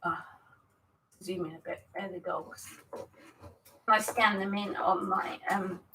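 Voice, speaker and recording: A woman hosts a relaxed live stream as she gets ready to paint, chatting in a loose, scattered way and greeting viewers one by one. Her voice sits at an ordinary middle pitch, and laughter keeps breaking into her talk. A faint hiss runs under everything. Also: slow pace, low-quality recording. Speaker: artist hosting a live stream. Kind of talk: casual live-stream chat while setting up to paint.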